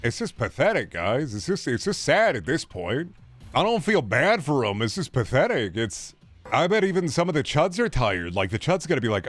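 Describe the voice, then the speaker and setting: A man's voice: mid-range voice, big pitch swings, normal speed. Sarcastic, swearing male streamer. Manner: sarcastic, profane, ranting. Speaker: gaming streamer. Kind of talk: casual stream chat.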